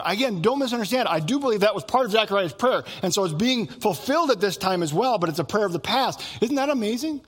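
Husky and high-pitched, a middle-aged pastor races through his sermon with few pauses, acting out characters' voices as he tells animated stories.

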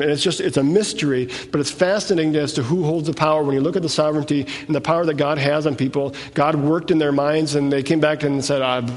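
A man teaching a sermon, reading scripture aloud and explaining it in plain conversational asides. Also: fairly high pitch. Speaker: preacher. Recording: echoey hall with long reverb.

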